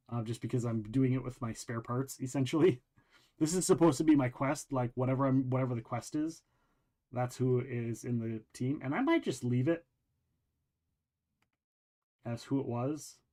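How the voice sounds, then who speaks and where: A man hosting a show, casually chatting while walking through a video game, rambling with many pauses and restarts. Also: medium pitch. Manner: rambling, relaxed, lots of ums and restarts. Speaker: show host. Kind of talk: casual game walkthrough chat.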